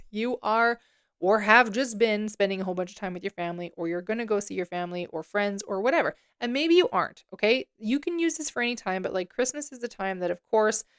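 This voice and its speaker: A woman's voice: medium pitch, clear, resonant tone, dry recording, studio quality. A woman hosting a solo podcast as a coach, talking casually with lots of fillers and self-corrections.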